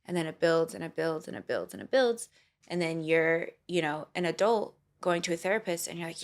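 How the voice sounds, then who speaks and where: A young woman talking as a podcast guest in casual conversation, animated and often acting out quoted inner voices. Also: lowish voice, a little fast. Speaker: podcast guest, singer and actor.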